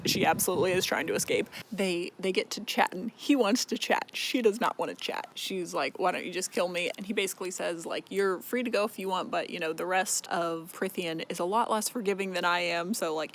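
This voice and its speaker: Young woman, casual rambling book-recap vlogger, swears freely, mid pitch, faint background noise. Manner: chatty, swears freely, lots of fillers.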